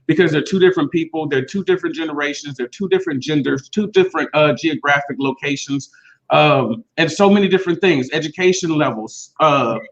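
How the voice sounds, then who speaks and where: Male educator, fairly high voice, lively storyteller, muffled lo-fi recording. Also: brisk. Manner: animated, slips into quoted voices of students. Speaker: teacher and speech coach. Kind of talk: casual podcast chat.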